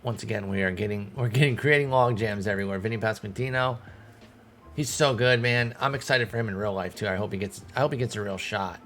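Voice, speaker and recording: A man's voice: on the low side, quick pace, a bit bright, soft background music. A man, thinking aloud in casual commentary as he manages a baseball team in a video game. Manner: thinking aloud, talking to himself and the players. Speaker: gaming streamer. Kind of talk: casual let's-play commentary.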